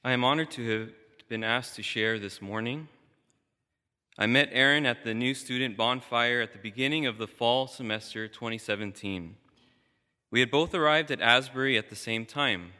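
A man's voice: mid-range voice, moderate pace, pushed and bright, smooth. A man sharing formal remarks about a friend at a memorial service. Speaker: student speaker. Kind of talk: memorial tribute speech. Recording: long hall reverb.

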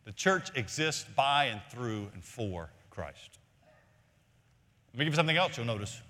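Bright-voiced male pastor preaching. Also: sing-song, moderate pace. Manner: emphatic preaching, repeats key phrases, rises in pitch to stress points. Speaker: senior pastor. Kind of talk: sermon. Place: large church sanctuary. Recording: long hall reverb from a church.

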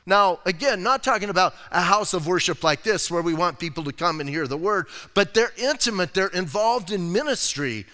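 Male pastor, emphatic, conversational preaching, bright tone in a church hall. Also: high-pitched, expressive, moderate pace, hardly any pauses. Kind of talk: sermon. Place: church sanctuary.

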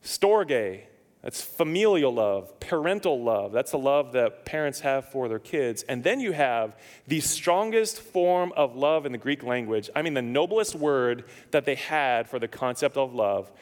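With an animated, mid-range voice and a measured pace, a pastor, formerly of Nevada and now in Indiana, preaches to his congregation in a reverberant church. His sermon is full of funny stories in which he plays out the dialogue and trades jokes with the crowd.

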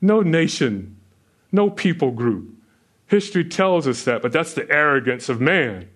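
A man's voice: lively intonation, a little slow, a bit bright. A man preaching a sermon who keeps asking the listeners questions, with chuckles between points. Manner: asks the listeners questions, rises in pitch when stressing points. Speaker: pastor.

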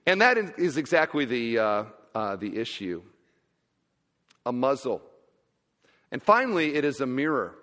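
A man's voice: mid-range voice, very animated, a little slow, long pauses. Emphatic male pastor in echoey hall. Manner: emphatic, swinging from loud to quiet. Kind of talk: sermon.

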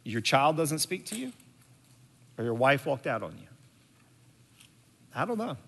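A man giving a sermon, telling a story slowly and deliberately with frequent pauses and fillers. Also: medium pitch, big pitch swings, vocal fry, a bit bright, big-room sound. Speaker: preacher.

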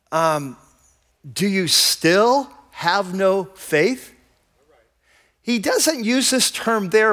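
A man's voice: high voice, a bit bright. A male pastor preaching a sermon in a conversational, enthusiastic storytelling manner.

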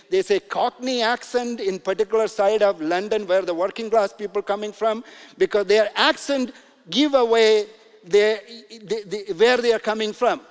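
A man's voice: sits high, long reverb tail. A man preaching a sermon as pastor, in a loose, conversational storytelling manner with many fillers and asides.

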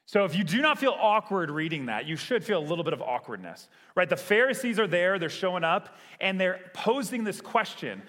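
A man's voice: sits high, big pitch swings, fairly quick, hardly any pauses, a bit bright, big-room sound. A man preaching a sermon in a conversational way, often checking in with "right?". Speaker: pastor.

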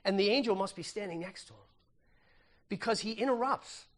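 A man preaching a sermon, animated and conversational, reading scripture aloud and swinging between loud emphasis and hushed asides, with repeated words and self-corrections. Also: high-pitched, a little fast. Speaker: pastor.

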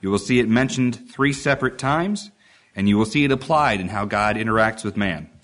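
A man's voice: on the low side, lively intonation, a little fast, fairly bright tone. Man preaching an emphatic sermon. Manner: emphatic, rhetorical questions, reads scripture with stretched stresses.

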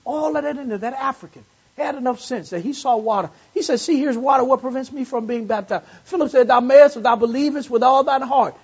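At a Sunday morning church service, a man with a very high-pitched, husky voice preaches briskly. He repeats phrases for emphasis in call-and-response fashion, climbing to fervent peaks. The sound is lo-fi.

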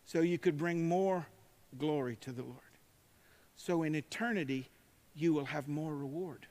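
A man preaching a sermon, emphatic and swinging between loud declarations and quiet asides. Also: on the high side, a little slow. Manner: emphatic, rising to shouts, drawling asides. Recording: long hall reverb.

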